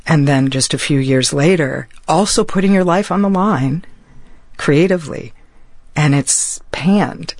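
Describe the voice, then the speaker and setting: A woman being interviewed, speaking thoughtfully and slowing down as she searches for the right words. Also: low voice, a little mellow, slightly rough, no room sound. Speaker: interview guest. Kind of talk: reflective conversation.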